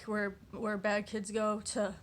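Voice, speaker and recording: Taking it slowly, this woman speaks in a mid-range, flat voice as she reads quotes aloud for a casual vlog. Her reactions ramble along with plenty of fillers and restarts, and she keeps giggling at herself in a self-deprecating way.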